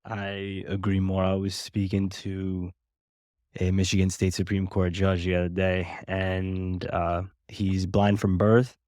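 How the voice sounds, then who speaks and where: A man hosting a podcast, asking measured, thoughtful interview questions. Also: low voice, monotone, darkish tone, dry recording, studio quality. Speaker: podcast host.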